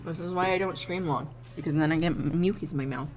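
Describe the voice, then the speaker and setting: Young female streamer, lowish voice, desk mic at home, casual and profane, acts out the people in her stories. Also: fast. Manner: swearing, laughing, storytelling, plays the people she quotes. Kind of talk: casual chat while drawing on stream.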